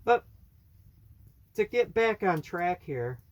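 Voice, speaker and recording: Man, somewhat higher voice, casual storyteller who wanders off topic and stumbles on his words. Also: big pitch swings, dull audio. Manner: rambling, stops and restarts words, slows to stress points. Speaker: storyteller and channel host.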